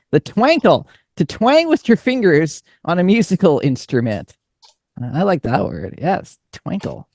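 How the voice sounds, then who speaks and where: An amused radio co-host reads out odd old words and their meanings. The voice is mid-pitched and sits close and dry, with no room sound around it. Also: very animated, unhurried, darkish tone, no echo. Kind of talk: casual radio chat. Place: radio studio.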